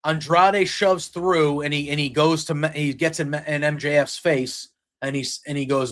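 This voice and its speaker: A man's voice: on the high side, fairly even intonation, normal speed, a bit bright. A man hosting a wrestling podcast, telling back a show in a loose, rambling way with many fillers and quoted lines. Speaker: podcast host recapping wrestling. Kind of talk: casual spoken recap.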